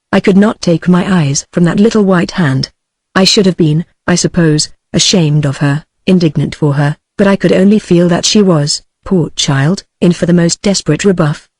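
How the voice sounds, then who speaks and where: A text-to-speech woman's voice with a British English accent, reading a novel aloud in steady scripted narration. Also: on the low side, moderate pace, no room sound. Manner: steady synthetic read-aloud delivery. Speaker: audiobook narrator.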